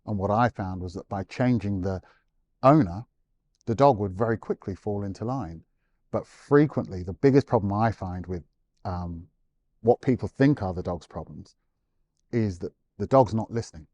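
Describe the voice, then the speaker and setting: A man's voice: lowish voice, moderate pace. A man, a guest animal behaviourist, explaining in an interview and acting out quoted owners and dogs. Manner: animated storyteller, acts out quotes.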